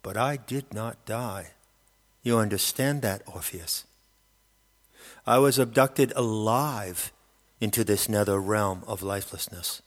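Husky wistful queen of the dead, read by a guy, lowish voice, long echoey tail. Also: takes it slowly. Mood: pensive. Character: regal queen of the dead, woman, pensive and wistful. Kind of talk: audiobook character reading. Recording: long hall reverb.

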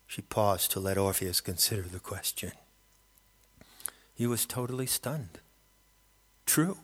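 A man narrating an audiobook in a steady, measured storytelling manner. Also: fairly low pitch. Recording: long hall reverb.

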